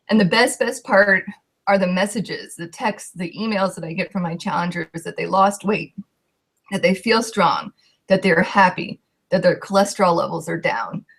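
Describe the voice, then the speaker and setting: A woman's voice: fairly low pitch, moderate pace, vocal fry, a bit bright. A young woman, a coach, telling her personal story with heartfelt emotion and a voice that shakes at times.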